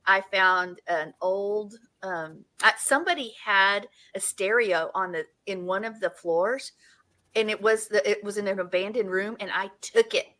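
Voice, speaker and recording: A woman around sixty co-hosting a casual chat, telling stories with lively restarts. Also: mid-range voice, a little slow, poor audio. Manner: animated storytelling with frequent restarts. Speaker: co-host.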